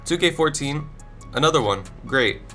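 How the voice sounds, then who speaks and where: A man's voice: on the high side, lively intonation, moderate pace, sharp tone, soft background music. A young man with a stuffy nose from allergies, casually rambling his blunt opinions as a gaming YouTuber into a desk microphone. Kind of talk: casual commentary ranking video games.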